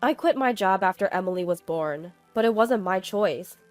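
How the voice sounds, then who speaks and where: Woman calmly narrating a family story. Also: mid-range voice, moderate pace, no echo, faint music behind. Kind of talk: scripted first-person narration.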